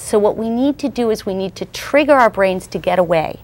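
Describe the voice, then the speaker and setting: A woman's voice: medium pitch, lively intonation, fairly quick, a little mellow. A woman in her thirties, a parenting expert guest on a TV show, explaining her ideas earnestly. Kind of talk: TV interview.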